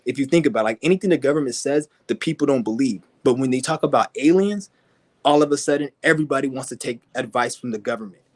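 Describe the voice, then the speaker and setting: A man giving a profane, aggressive ranting monologue, mocking and swearing constantly. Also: fast. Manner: mimics people in high whiny voices. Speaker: vlogger.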